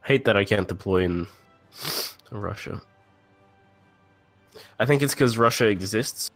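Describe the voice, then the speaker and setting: A man with a lowish voice chatting over voice chat as he plays a strategy game with friends. He is low-key and wry, mumbling his asides and dropping dry remarks. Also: unhurried, a bit bright, no echo, soft background music. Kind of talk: casual multiplayer gaming chat.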